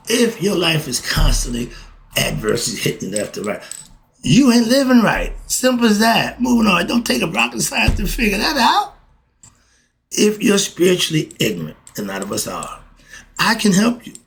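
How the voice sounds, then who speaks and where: A middle-aged man hosting a casual spiritual talk. He talks in a preachy, excitable way, asks himself questions and answers them, and swings between fired-up bursts and calmer stretches. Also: high voice, moderate pace, gravelly, slight background noise. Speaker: host.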